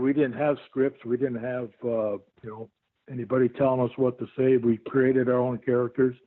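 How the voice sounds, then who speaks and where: Older man telling stories over a tinny phone line. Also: mid-range voice. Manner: rambling, many fillers and restarts. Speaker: guest. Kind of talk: storytelling interview.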